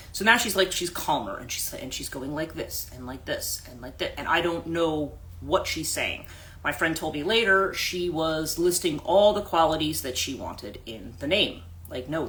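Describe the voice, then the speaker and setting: A woman's voice: low voice, a bit bright. A woman life coach hosting a livestream, telling a story casually with many restarts and asides, into a phone mic.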